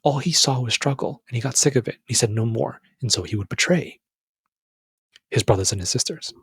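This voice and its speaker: A young man hosting a podcast, giving a casual, earnest motivational talk that addresses the listener as brother and jumps up in pitch when he stresses a point. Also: lively intonation, brisk, a bit bright, slightly rough, no echo, studio quality. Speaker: podcast host. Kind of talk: motivational monologue.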